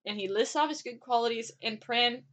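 Bright-voiced chatty woman co-host. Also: fairly high pitch, a little fast. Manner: chatty, animated, acts out quotes with laughs. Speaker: podcast co-host. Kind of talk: casual chat recapping a drama.

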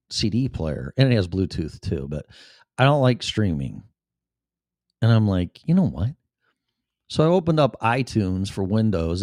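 A man's voice: low-pitched, a little mellow, no echo, clean studio sound. A man with a Chicago accent hosting his show in a rambling, profane, offhand monologue. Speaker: show host. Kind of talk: casual livestream monologue.

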